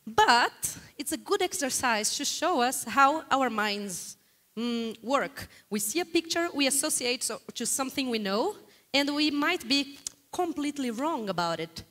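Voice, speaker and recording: A woman from Brazil with a Brazilian Portuguese accent, giving a lively guest lecture in a hall and putting frequent questions to the audience. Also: sits high, unhurried. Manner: animated, questions the audience often.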